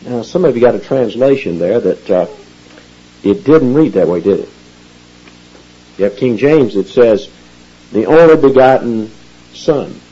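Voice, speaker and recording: Guy preaching a bible study sermon, husky voice, pitch all over the place, dull old recording. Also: a little slow, long pauses. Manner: animated teaching, rising emphasis on key phrases. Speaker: pastor. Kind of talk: expository sermon.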